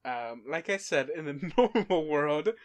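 Young guy on a podcast, talks slow, lots of ums and uhs, laid back. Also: fairly high pitch. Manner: relaxed and hesitant, full of fillers. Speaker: podcast co-host. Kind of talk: casual chat.

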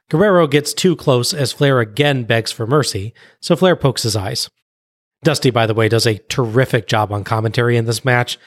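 A man's voice: mid-range voice, no room sound, studio quality. Man recapping a wrestling match. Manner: brisk play-by-play recounting, laughs at own jokes. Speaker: podcast co-host.

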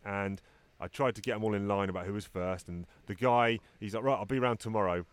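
Fast-talking man telling stories. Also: lowish voice, steady tone, clear, resonant tone, dry recording. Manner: rambling anecdotes with voiced quotes. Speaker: podcast co-host. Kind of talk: casual chat.

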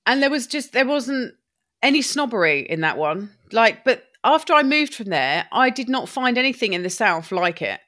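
A woman's voice: on the high side, sing-song, a bit bright. A woman with a bubbly, chatty manner, talking as a guest in a podcast interview about her upcycling business. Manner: bubbly, talks in quick bursts.

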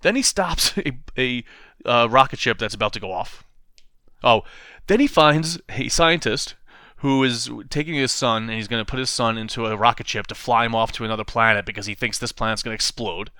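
A man's voice: mid-range voice, brisk, smooth, dry recording, clean studio sound. A man casually retelling a comic story to a friend, laughing often and acting out the lines. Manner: animated storytelling, laughs often, acts out quotes. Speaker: podcast co-host recapping a comic. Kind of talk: casual chat.

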